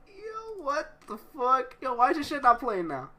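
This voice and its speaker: Lively, high-voiced woman ranting. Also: moderate pace, noisy background. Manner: swears constantly, breaks into laughter. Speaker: gaming video creator. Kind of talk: profane reaction rant.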